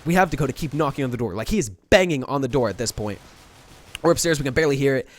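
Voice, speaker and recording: Young dude doing a storytime video, talks super fast, keeps restarting and piling on details. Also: male voice, mid-range voice. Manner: animated, rambling retelling with restarts. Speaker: vlogger. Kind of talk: storytime vlog.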